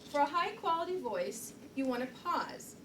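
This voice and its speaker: A woman's voice: high-pitched, big pitch swings, moderate pace, fairly bright tone. A middle-aged woman giving a live public speaking training, chatty and self-deprecating, laughing often as she demonstrates poses. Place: meeting room, recorded from the back. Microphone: far camera mic. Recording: roomy, distant and noisy room recording.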